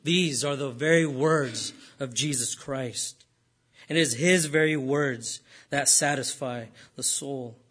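A man preaching a sermon in an earnest way, rising for emphasis and then dropping low and slow. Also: fairly bright tone.

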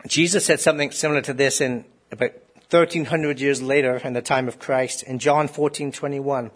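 Husky-voiced man preaching a sermon. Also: medium pitch, steady tone, normal speed. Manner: conversational preaching with rhetorical questions and restarts. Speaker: pastor.

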